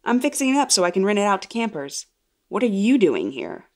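A woman voicing a burly adult male woodcutter who hurriedly tries to calm two frightened girls in a spoken horror story. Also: medium pitch, brisk. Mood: reassuring.

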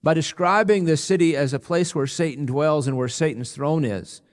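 A man preaching a sermon as pastor, earnest and emphatic, slowing down on key words. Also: on the high side. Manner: earnest, emphatic preaching with slow, weighty pauses. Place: church sanctuary. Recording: long reverb of a church hall.

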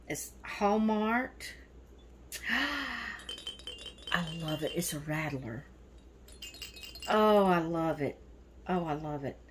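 A woman's voice: on the low side, slight background noise, low-quality recording. A middle-aged woman chatting casually as she unboxes mail, gushing and gasping, close to tears with gratitude.

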